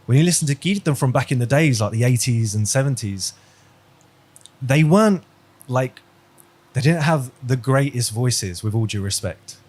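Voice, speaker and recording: A man's voice: medium pitch, expressive, moderate pace, a little mellow, breathy edge. Man teaching an online class. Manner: conversational, quizzing students, storytelling. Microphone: video call.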